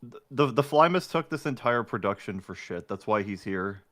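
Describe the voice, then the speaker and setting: A man's voice: lowish voice, lively intonation, normal speed, a bit bright. A young man talking casually about films as a guest, making dry jokey remarks. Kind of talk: casual film chat.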